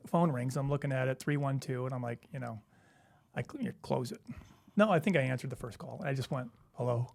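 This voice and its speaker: A middle-aged former basketball player speaks a little fast in a gravelly, medium-pitched voice. He's an interview guest telling stories casually and animatedly, acting out the voices of the people he quotes.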